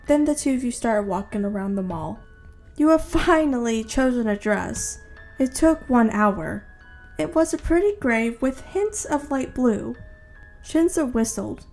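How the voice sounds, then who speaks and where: A woman reads second-person fan fiction in a steady, plain voice pitched a little high. Soft music plays faintly underneath. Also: measured pace.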